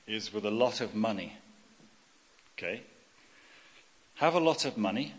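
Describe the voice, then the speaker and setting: A man's voice: fairly low pitch, animated, a little slow, long pauses, breathy edge. Middle-aged man preaching in a hall. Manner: personal testimony, emphatic repetition, frequent "okay?". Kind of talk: sermon. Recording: long hall reverb.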